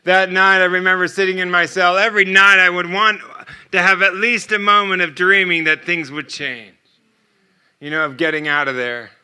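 A man's voice: high-pitched, flat delivery, normal speed, bright, forceful tone, clean tone. A middle-aged man giving a sermon as a guest speaker, telling a story with quoted dialogue and frequent laughter.

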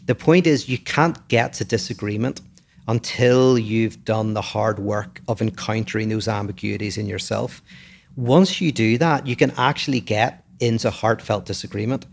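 A man's voice: on the low side, gravelly. A man with a Northern Irish accent, co-hosting a podcast and explaining ideas in casual, thoughtful talk, often restarting his sentences. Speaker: podcast co-host. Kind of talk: casual philosophical chat.

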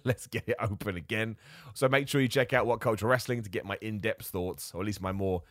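A man's voice: fairly low pitch, brisk, a bit bright, no echo, studio quality. A man hosting a solo podcast, talking in a casual, rambling, opinionated way and going off on asides. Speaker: podcast host. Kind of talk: casual solo wrestling chat.

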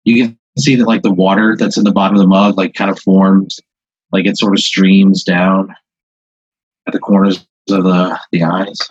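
A man improvising a second-person story to a guest, halting and full of filler words. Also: low-pitched, flat delivery, slightly rough, no room sound, dull audio. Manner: rambling, halting, many "like"s.

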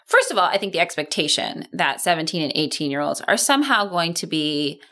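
A woman's voice: low-pitched, expressive, a little fast, a bit bright. A woman co-hosting a podcast, explaining things in frank, wry casual chat. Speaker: podcast co-host.

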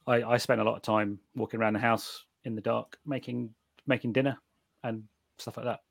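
A middle-aged British man chatting casually, telling animated stories with many restarts and the odd swear word. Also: medium pitch, brisk, vocal fry, no room sound, studio quality. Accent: British English. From Britain. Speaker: guest reviewer of night vision gear. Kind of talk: casual chat.

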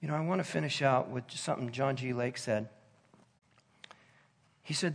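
A man preaching a sermon, telling a personal story in an earnest, conversational way that drops to soft intensity. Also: mid-range voice, normal speed, creaky, long pauses, husky.

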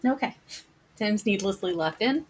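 A woman's voice: medium pitch, lively intonation, normal speed, husky. A woman hosting a trivia game, reading questions aloud and playfully teasing the players.

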